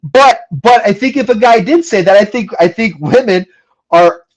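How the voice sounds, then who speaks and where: A man's voice: high voice, moderate pace, low-quality recording. A man co-hosting a talk show, joking and mocking himself in casual banter. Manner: joking, self-mocking, acts out confused voices. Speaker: radio show co-host.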